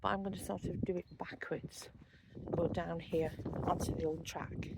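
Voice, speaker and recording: A woman's voice: lowish voice, steady tone, normal speed, vocal fry, very noisy. A middle-aged woman chatting casually in a walking vlog, rambling like a tour guide with lots of ums and easy asides. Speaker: vlogger showing a walking spot.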